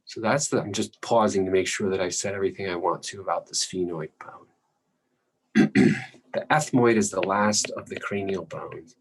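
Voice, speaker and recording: A male lecturer explaining anatomy patiently while drawing, often clearing his throat. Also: deep voice, moderate pace, rough recording.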